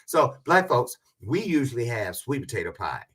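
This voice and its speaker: Man livestream host, chatty and teasing, very animated pitch, mid voice. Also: normal speed, husky. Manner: chatty, joking, rambling with self-aware asides. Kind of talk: casual livestream chat with viewers.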